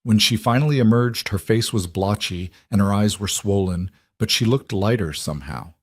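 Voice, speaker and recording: Male storyteller, lowish voice, measured pacing, dry close recording. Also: no room sound. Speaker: narrator. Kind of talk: scripted story narration.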